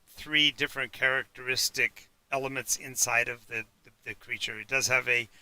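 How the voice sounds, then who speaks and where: A man narrating a tabletop game as game master, halting often with fillers and restarts. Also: medium pitch, fairly even intonation, bright, forceful tone, clean tone, no room sound. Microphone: home mic for a live stream.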